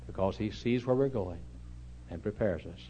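Texan preacher guy telling funny stories in a sermon, lowish voice, dull old recording with a faint hum. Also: moderate pace. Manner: folksy, humorous, swings from loud to hushed. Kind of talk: storytelling sermon.

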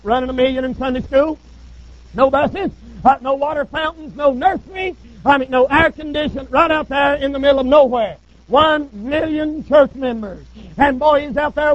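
A man preaching a sermon in a folksy, humorous storytelling manner. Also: very high voice. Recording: dull lo-fi recording.

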